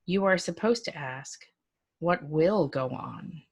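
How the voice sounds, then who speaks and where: A woman voicing a drowsy, cryptic old man with a slight accent, speaking low and unhurried. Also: lively intonation, slightly rough, no echo, studio quality, full character voice. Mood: knowing. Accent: slight unplaced accent.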